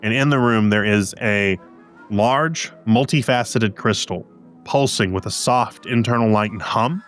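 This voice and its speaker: A low-voiced man runs a tabletop game, tipsy and loose, narrating scenes and answering players. Faint music plays beneath him. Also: unhurried, a bit bright. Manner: casual, laughing, loose. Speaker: game master.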